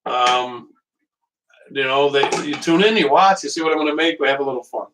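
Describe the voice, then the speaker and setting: Hosting a live home cooking stream from a small portable stove in his kitchen, a man rambles and jokes with viewers while waiting on the stove. His medium-pitched voice is a little fast, picked up by a distant mic with background noise.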